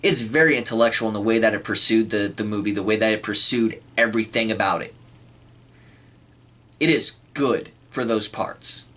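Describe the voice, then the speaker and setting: A man giving a casual spoken film review, clearing his throat often and acting out quoted lines. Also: lowish voice, normal speed, bright, forceful tone. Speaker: movie reviewer.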